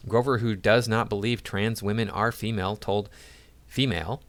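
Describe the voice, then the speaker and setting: A male video commentator reads news stories aloud and keeps interrupting them with sarcastic, mocking remarks. His voice sits on the low side. He talks in a casual, off-the-cuff way between the quoted passages. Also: steady tone, moderate pace. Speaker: YouTube commentator.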